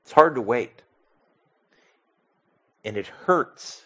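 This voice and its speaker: A man preaching a sermon as pastor, expressive, swinging from soft to loud and asking the congregation questions. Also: medium pitch, measured pace.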